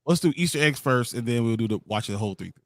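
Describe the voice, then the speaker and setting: A man co-hosting a casual podcast, giving short reactions and calling out where to pause the video. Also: mid-range voice, animated, no room sound, clean studio sound. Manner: short reactions, directing the playback. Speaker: podcast co-host.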